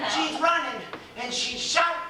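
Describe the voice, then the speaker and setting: A woman telling a story playfully, often laughing, recorded far off in a noisy echoey room. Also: high-pitched.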